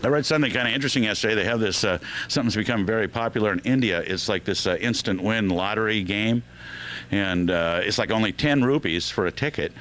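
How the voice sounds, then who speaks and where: A man's voice: on the low side, fast, fairly bright tone. A man hosting a radio show, telling joke after joke in a loose, joking way with lots of fillers. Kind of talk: telling jokes on air.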